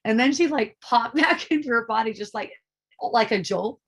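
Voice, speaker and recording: A woman's voice: fairly high pitch, moderate pace, breathy edge. Laughing, swearing middle-aged woman. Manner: animated, swearing, laughs often. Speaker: spiritual teacher. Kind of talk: casual spiritual talk.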